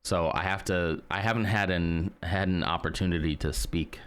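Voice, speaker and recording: Deep-voiced man chatting on stream. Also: steady tone, normal speed, clear, resonant tone. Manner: rambling, chatty, reads and answers chat. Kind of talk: casual live-stream chat.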